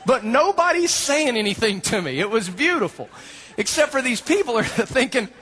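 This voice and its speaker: A man's voice: extremely high pitch, moderate pace. A man preaching a sermon, telling a funny personal story with lots of laughter and acted-out dialogue before turning to scripture. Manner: animated storyteller, laughing often, acting out dialogue. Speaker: pastor.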